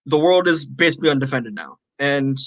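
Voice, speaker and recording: A man co-hosting a podcast, casually recapping a comic issue with lots of fillers and quick acted-out character lines. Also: mid-range voice, lively intonation, a bit bright, dry recording, rough recording. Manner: rambling, many fillers, acts out characters' lines. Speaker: podcast co-host.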